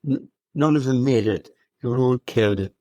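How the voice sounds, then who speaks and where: A hundred-year-old man recounting his wartime memories as an interview guest, speaking in a halting, unhurried way with many fillers. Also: medium pitch, warm tone, dry recording. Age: 100. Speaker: RAF veteran guest.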